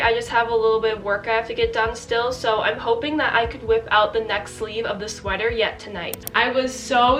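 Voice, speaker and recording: A woman's voice: a little high, fairly bright tone, distant mic. A young woman with a stuffy cold, chatting casually and rambling as she vlogs her crochet project. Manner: chatty, rambling, self-deprecating. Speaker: crochet vlogger. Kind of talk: casual vlog narration.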